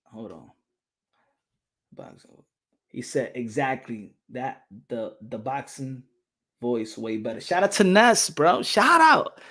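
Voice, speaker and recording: A young man hosting a boxing channel livestream in casual chat, animated, repeating himself and laughing often, slipping into Spanish. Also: mid-range voice, slow, long pauses.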